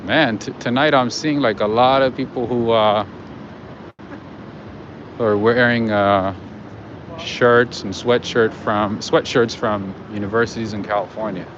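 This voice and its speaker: A chatty man talks to his viewers as he walks along a city street at night. His commentary rambles and is full of fillers, with traffic and street noise loud around him. The sound is a bit muffled. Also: lowish voice, fairly even intonation, a little slow. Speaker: livestream host. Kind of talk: casual walking commentary to viewers.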